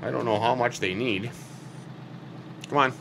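A man's voice: medium pitch, measured pace, gravelly, noisy background. A man hosting a farming game let's play, chatting in a rambling, folksy, joking way as he plays a farmer character. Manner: rambling, folksy, jokey, self-interrupting.

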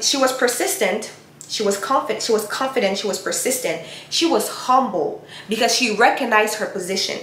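A woman with a fairly high, fairly bright voice gives a motivational Bible talk to her viewers, urging them on and repeating herself like a preacher. She's a Christian YouTuber offering encouragement in an emphatic, repetitive style. The sound is reverberant, with a little hiss or hum.

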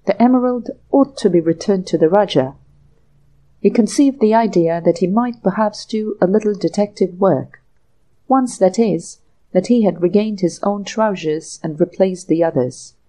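A woman narrating a classic short story for an audiobook in a measured, even way. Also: medium pitch, rough recording. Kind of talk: scripted narration.

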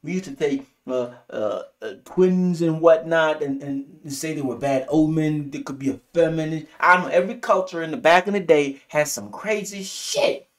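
A man's voice: moderate pace, hardly any pauses. Guy from africa rambling thru a tv episode review, cussing a lot, voice jumping all over the place. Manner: rambling, animated, profane, swings pitch widely. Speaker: TV show reviewer. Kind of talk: casual episode review commentary.

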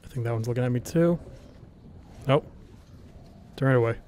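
A man narrating his own gameplay as it happens, in a casual, jumpy manner. He mutters to himself, swears freely and reacts out loud to each scare. His voice is at an ordinary middle pitch. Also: normal speed, long pauses. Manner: nervous self-talk, frequent swearing, reacting aloud to the game. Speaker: let's play gamer. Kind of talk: casual live gameplay commentary.

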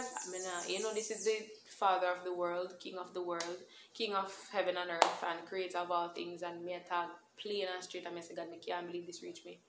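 A woman's voice: lowish voice, noisy background. A young Jamaican woman telling a personal testimony story in an earnest, emotional way, drifting between standard English and patois. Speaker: vlogger sharing a testimony. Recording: echoey room.

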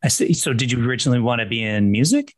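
A man's voice: mid-range voice, expressive, quick pace. A man hosting a casual interview podcast, asking chatty, rambling questions with frequent restarts. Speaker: podcast host.

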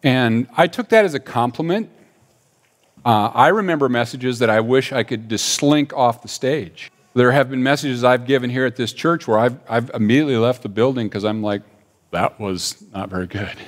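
Man, pastor, upper midwest american accent, chatty sermon, mid-pitched voice. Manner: conversational storytelling with frequent restarts and fillers. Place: church sanctuary.

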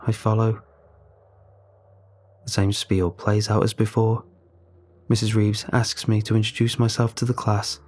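Husky-voiced man narrating horror. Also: lowish voice, dark tone. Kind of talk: scripted first-person horror narration.

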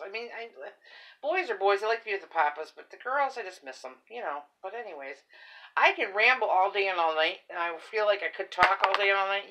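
Chatty, rambling grandmother, bright voice. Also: lowish voice, gravelly, poor audio. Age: older. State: tired. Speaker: haul vlogger. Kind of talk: casual chat.

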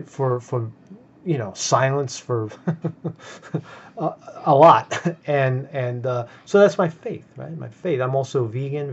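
Stammering male vlogger, fairly high voice, dull lo-fi sound, rants and keeps asking "right?". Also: fairly bright tone. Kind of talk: ranting commentary.

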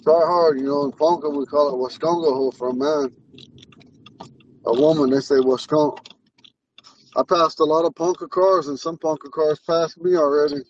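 A man's voice: a little high, fairly even intonation, normal speed, darkish tone, recorded from a distance, lo-fi sound, slight background noise. Man with a lisp talking while driving. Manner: rambling, earnest and spiritual. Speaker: Ponca language teacher. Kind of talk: casual talk while driving. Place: inside a car on the road.

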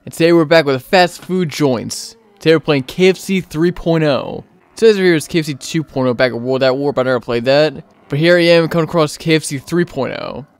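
Hosting his own gaming channel, a young man with a fairly high, smooth voice talks briskly in a clean recording with no room sound. He gives casual play-by-play commentary, gets excitable, and yells in frustration when things go wrong.

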